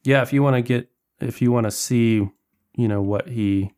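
A man's voice: mid-range voice, normal speed, a little mellow. A man running a tabletop horror game as game master, narrating with frequent fillers and restarts.

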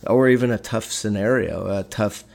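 A middle-aged man, his voice sitting a little low. He tells a story in a loose, animated way, often breaking off and restarting his sentences. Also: creaky. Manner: animated, halting, many restarts. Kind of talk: casual storytelling.

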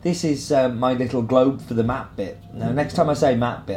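A man's voice: medium pitch, brisk, mellow, a little hiss or hum. A man hosting a casual coffee tasting vlog, talking enthusiastically with plenty of fillers. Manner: enthusiastic, chatty, filler-heavy. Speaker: coffee roaster host.

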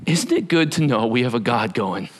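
A male pastor giving a sermon, telling the story with animated swings from shouts down to whispers. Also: medium pitch, moderate pace.

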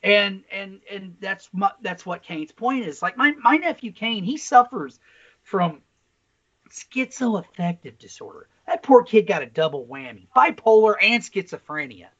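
A foul-mouthed, blunt podcast co-host, this man tells his stories with animated energy. His voice sits a little higher than most men's. The sound is slightly dull and lo-fi. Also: unhurried. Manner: heavy swearing, blunt and animated storytelling. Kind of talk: casual podcast chat.

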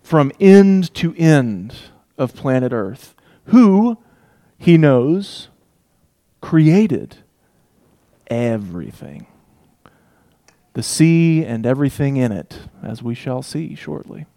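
Emphatic fairly high-voiced male preacher. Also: sing-song, takes it slowly, pauses often. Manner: emphatic, with dramatic swings between loud and hushed. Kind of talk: expository sermon.

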